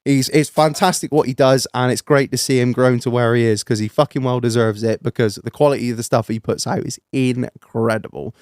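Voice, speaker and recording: A man telling an embarrassing story on a podcast in a sweary, laughing, animated way. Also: medium pitch, a little fast, few pauses, no echo, clean studio sound. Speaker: podcast co-host. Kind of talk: casual storytelling chat.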